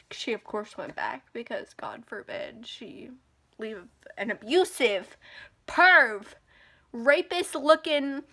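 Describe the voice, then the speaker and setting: With a slightly high voice marked by vocal fry, a woman in her twenties vents to the camera in a personal vlog. She's angry and emotional, close to breaking into tears as she rants.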